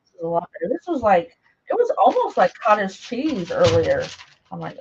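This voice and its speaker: Moving around a table in a home craft room, a middle-aged craft livestream host chats and rambles casually, greeting viewers by name as she works. Her gravelly, mid-range voice is very animated and fairly quick. The camera mic yields dull lo-fi stream audio with a little hiss or hum.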